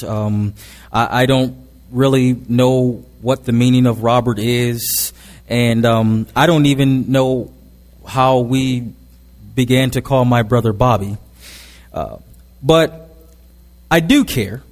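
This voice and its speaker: Stammering preacher in a reverberant church. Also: male voice, mid-range voice, darkish tone. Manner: storytelling with humor, repeated words. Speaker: pastor. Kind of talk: sermon. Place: church sanctuary.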